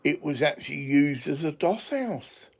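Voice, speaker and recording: A man's voice: fairly high pitch, animated, measured pace, husky. An English man talking in a casual, rambling monologue, chatty and digressive, swearing freely.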